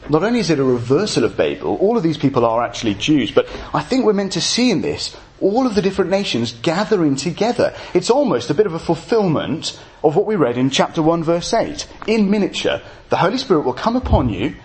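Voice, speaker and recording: A man's voice: fairly high pitch, big pitch swings, a little fast, hardly any pauses. A man preaching an evening sermon, explaining scripture with jokey asides to his congregation.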